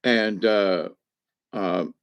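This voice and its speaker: A man's voice: lowish voice, extremely slow, clean tone, no echo. A man telling a personal story in a casual, rambling way, folksy and meandering, with homespun slang.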